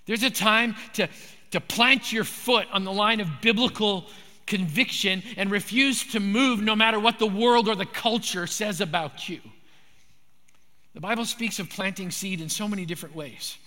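Bright, high-voiced man preaching. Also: normal speed, big-room sound. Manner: emphatic, repetitive preaching cadence. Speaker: pastor. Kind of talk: sermon.

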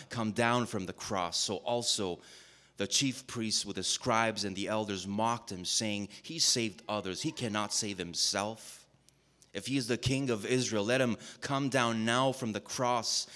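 A man with a very deep voice reads scripture in a measured, reverent manner. He slows down on key phrases and drops to a quieter voice whenever he announces the next passage. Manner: measured, reverent reading with slowed emphasis. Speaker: scripture reader. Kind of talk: solemn Bible reading.

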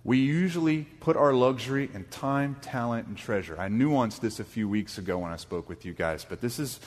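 A man preaching a sermon as pastor, reading scripture dramatically and rising to loud, emphatic bursts. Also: medium pitch, normal speed, in a large hall. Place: church sanctuary.

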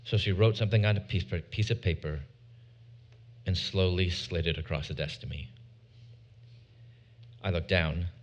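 A man giving his testimony to an audience, preaching with dramatic pauses and drawn-out words. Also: low-pitched, steady tone, muffled recording.

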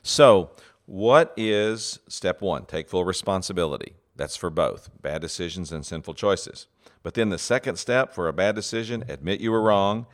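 A man's voice: deep voice, animated, normal speed. A man giving a teaching talk on leadership, earnest and full of fillers and restarts, acting out example phrases.

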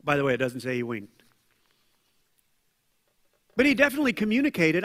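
A man preaching a conversational sermon as pastor, acting out quoted voices with lively asides. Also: fairly high pitch, brisk. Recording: long hall reverb.

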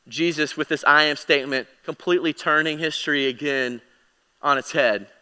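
A man teaching a Bible lesson in a casual sermon style, full of fillers and self-corrections, with emphatic swings in loudness. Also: fairly high pitch, fairly even intonation, moderate pace, smooth, in a large hall. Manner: emphatic, swinging louder and quieter.

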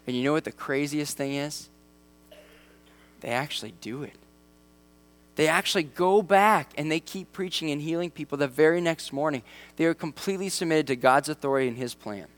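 A man preaching a sermon in a conversational way, with lively asides and acted-out voices. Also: a little high, normal speed. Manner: conversational, acts out quoted voices. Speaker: pastor.

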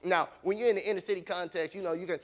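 A man with a high voice tells a story to a crowd in an easygoing, chatty way. He keeps it lively, throws in punchy sound effects and leans on casual fillers as he goes. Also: rapid-fire. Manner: animated, with vocal sound effects; conversational, with many fillers. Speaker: speaker telling a story to an audience. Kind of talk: storytelling talk.

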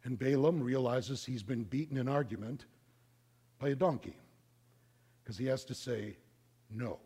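A middle-aged man preaching a sermon, telling a story in an animated, conversational way. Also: mid-range voice, normal speed, breathy edge. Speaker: pastor.

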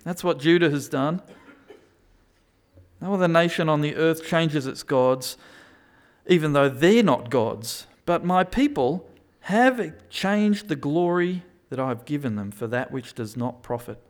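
A male preacher delivering a sermon, his voice sitting a little high for a man. He swings from hushed, reflective passages to loud, emphatic pleading as he speaks. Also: lively intonation, a little slow.

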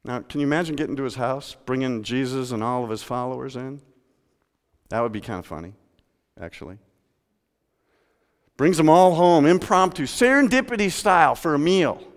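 A man pastor preaching a sermon in a church, telling the story with lively rhetorical questions. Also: medium pitch, normal speed, long pauses, long reverb tail.

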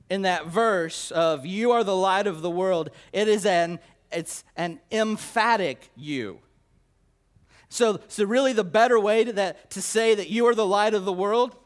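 Slow, swelling male preacher. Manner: swings from loud emphatic declarations to low quiet asides; slow, deliberate delivery with repetition and stammered restarts. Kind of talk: sermon.

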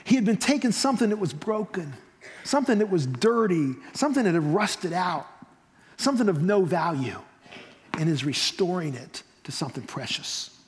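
A man preaching a sermon, swinging from loud emphasis down to near whispers. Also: sits high, expressive, normal speed. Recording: long reverb of a hall.

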